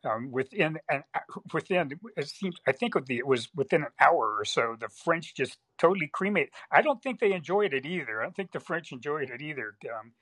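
A man calling in to a podcast, talking haltingly with many fillers and restarts as he hunts for words. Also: fairly high pitch, animated, fairly bright tone, slightly rough, dry recording, low-quality recording. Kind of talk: casual call-in talk.

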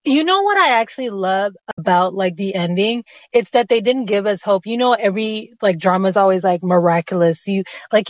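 A woman's voice: medium pitch, no echo. A woman calling in to a podcast, chatting casually and gushing with laughs and gasps. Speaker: caller. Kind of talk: casual chat. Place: closet. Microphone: phone app call.

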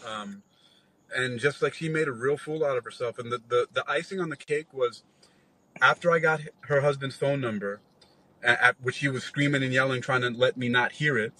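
A man in his forties tells a long, rambling story in relaxed conversation. His voice is bright and forceful, sits at an ordinary pitch, and is laced with swearing as he acts out other people's lines. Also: a little fast, rough recording. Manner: rambling, profane, animated retelling with quoted dialogue. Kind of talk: casual storytelling.

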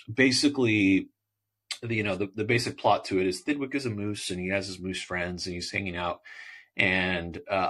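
A male podcast host who talks alone, rambling through book picks and slipping into character voices as he retells the stories. His voice sits on the low side, but the tone is bright and forward. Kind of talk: solo podcast talk about children's books.

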